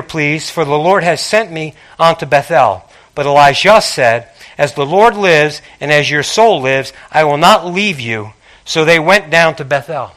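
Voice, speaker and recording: Bright-voiced male preacher. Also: a little high. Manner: emphatic, calls out to the congregation. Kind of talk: sermon.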